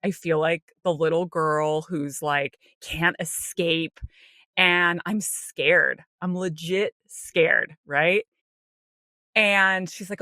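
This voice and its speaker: A woman co-hosting a podcast, telling a personal story in a casual, animated way, acting out her own inner voice with light laughs and lots of "like". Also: lowish voice, takes it slowly, dry recording, studio quality. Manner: frequent light laughter and "like" fillers. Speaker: podcast co-host.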